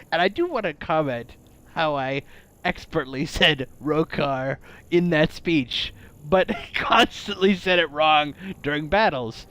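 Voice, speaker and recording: Playing a video game, this man keeps up lighthearted let's-play chatter full of jokes, frequent laughter and theatrical mock-dramatic remarks. He's a game streamer whose voice is on the high side and a bit bright.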